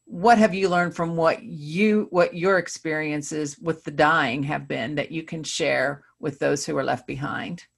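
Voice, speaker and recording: A woman's voice: deep voice, fairly even intonation, a little slow, gravelly, few pauses, husky. A woman interviewer asking reflective questions, often hesitating and searching for her words. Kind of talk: conversational interview.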